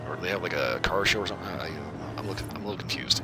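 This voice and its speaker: Low voice guy streaming a car game, rambly and crude, bouncy delivery, music in the back. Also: lively intonation, very fast. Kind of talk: casual gameplay commentary.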